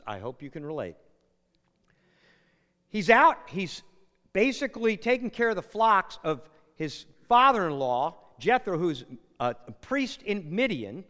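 A man's voice: on the high side, big pitch swings, normal speed, pushed and bright. A man preaching a sermon in a chatty, storytelling way, acting out quotes and tossing in asides. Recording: long hall reverb.

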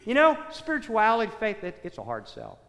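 A man preaching a sermon in an animated way, asking rhetorical questions and repeating phrases for effect. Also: sits high, fairly quick, gravelly. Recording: echoey hall, long reverb.

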